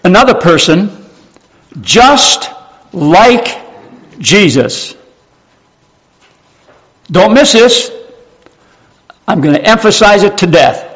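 A man preaching a sermon, emphatic, repeating key phrases slowly and dropping to hushed tones. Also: very high voice, poor audio.

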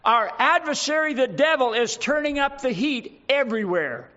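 A man in his eighties preaching with a high, bright, ringing voice. He drives home each point with slow, emphatic repetition and weighty pauses. The recording sounds dull and lo-fi. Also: animated. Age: 80s. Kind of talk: sermon.

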